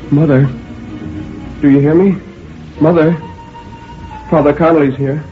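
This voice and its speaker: Man putting on an anxious daughter voice, pushed up higher, pleading, tinny old radio sound. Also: unhurried, soft background music, natural voice. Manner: pleading, soothing. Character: anxious grown daughter at a deathbed.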